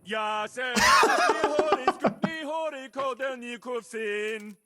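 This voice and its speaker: A young game hero who bursts into a raucous, off-key folk song, laughing between lines. His voice is high and bright, leaping wildly up and down as he drags the tune out slowly. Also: wildly swooping pitch, a loud crowd, full character voice. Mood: silly singing. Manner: loud, laughing, off-key singing. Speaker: game character.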